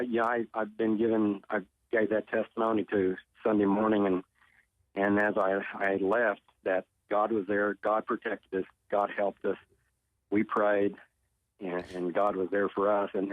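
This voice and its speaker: A man's voice: lowish voice, flat delivery, normal speed, no echo. A man from Oklahoma, a guest on a talk show, earnestly telling a personal story and often repeating his words. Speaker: tornado survivor guest. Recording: tinny phone line.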